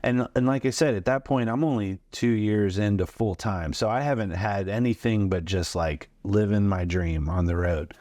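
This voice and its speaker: Here a man in his forties, a comedian guest, tells animated stories in an interview, performing the quoted lines and scattering fillers throughout. He has a fairly low pitch and talks at normal speed with few pauses, captured in a dry, clean studio recording.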